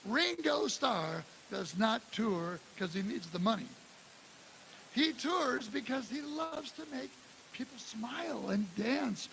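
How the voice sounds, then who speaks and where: A man in his sixties from the Detroit area, telling animated stories at a live drum clinic in a music store. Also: very high voice, slow pace, creaky, rough recording. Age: 60s. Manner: animated storyteller who acts out quotes and scats drum parts. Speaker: guest drummer giving a clinic. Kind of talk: live clinic talk and storytelling. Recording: live room with steady hiss.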